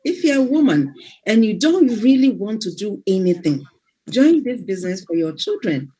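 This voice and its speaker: A woman hosting a casual motivational live stream, telling stories excitedly and laughing readily. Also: medium pitch, normal speed.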